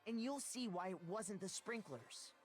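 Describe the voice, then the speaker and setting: A man voicing an earnest teenage boy in a video game, calmly laying out his reasoning. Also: sits high, a little slow. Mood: explaining. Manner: calm, reasoned explaining. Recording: game audio with faint music.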